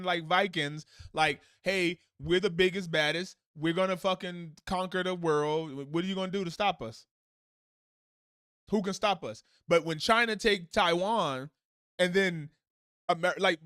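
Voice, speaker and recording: A man hosting a live stream reacts to the news with heated, profane, rambling commentary, animated and full of restarts. His voice is high-pitched, and the recording is dry with clean studio sound.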